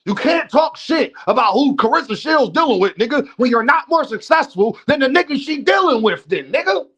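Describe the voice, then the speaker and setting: A man's voice: extremely high pitch, big pitch swings, fairly quick, fairly bright tone, slightly rough. A man hosting a livestream, ranting bluntly and profanely and talking straight to his chat. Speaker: livestream host. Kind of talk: unscripted livestream rant.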